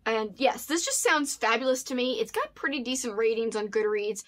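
A woman's voice: a little high, normal speed, fairly bright tone. A woman hosting a casual book vlog, chatty and rambling with lots of asides. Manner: chatty, rambling, says "flippin'" often. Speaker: host.

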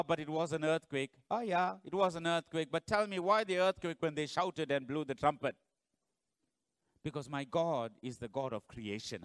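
A man preaching a sermon as pastor, telling the story dramatically and swinging between loud bursts and low, hushed lines. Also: clean tone, no room sound.

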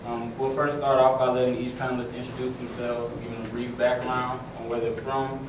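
A young man introducing a student panel, halting and with fillers. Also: medium pitch, little pitch movement, noisy background. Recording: echoey hall from far off.

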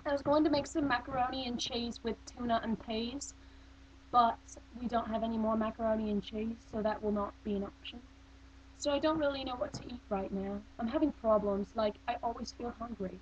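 A woman's voice: on the high side, fairly quick. A young woman rambling on a webcam in a vague put-on accent, sounding bored. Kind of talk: casual webcam monologue. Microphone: built-in webcam mic. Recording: dull lo-fi webcam audio with faint hum.

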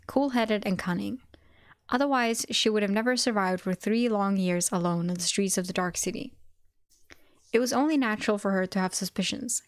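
A woman streaming a live reading of a web novel, breaking off to react with excited exclamations and swearing. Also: medium pitch, no room sound, studio quality.

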